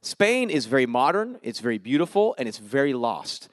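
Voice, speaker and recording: Lively man telling a church testimony. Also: medium pitch, no room sound, clean studio sound. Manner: lively, quick storyteller acting out dialogue. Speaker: visiting missionary speaker. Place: church service.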